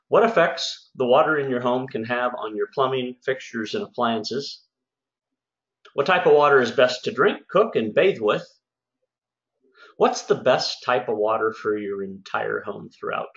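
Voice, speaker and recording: A man's voice: mid-range voice, a bit bright. A man who runs a home services business, hosting a casual sales webinar in an upbeat, folksy, chatty way. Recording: echoey room, slightly dull sound.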